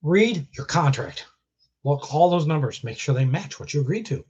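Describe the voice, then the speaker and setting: A man's voice: a little high, sing-song, moderate pace, a little mellow, breathy edge, highs cut off. A man with a chest cold, bluntly scolding viewers in a casual live stream rant and swearing freely. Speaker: vlogger.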